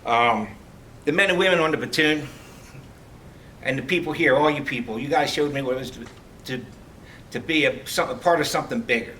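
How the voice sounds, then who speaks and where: A middle-aged man giving a heartfelt farewell speech as a retiring police lieutenant, telling stories with halting restarts. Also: mid-range voice, sharp tone. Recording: distant mic, faint background noise.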